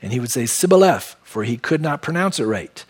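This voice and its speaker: A man's voice: medium pitch, lively intonation, fast talker, breathy edge. A man from San Diego teaching verse by verse through a Bible passage as pastor, with conversational, folksy asides.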